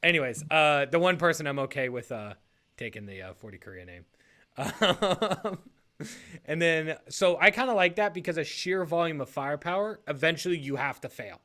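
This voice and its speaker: A man's voice: on the high side, expressive, moderate pace, pushed and bright. A man casually talking through league matchups on a podcast. He rambles, corrects himself mid-sentence and laughs often.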